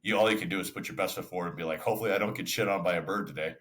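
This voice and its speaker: Deep voiced dude from chicago cracking jokes on a podcast, super laid back. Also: male voice, racing, a bit bright. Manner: joking, laid-back banter. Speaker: podcast co-host. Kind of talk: casual chat.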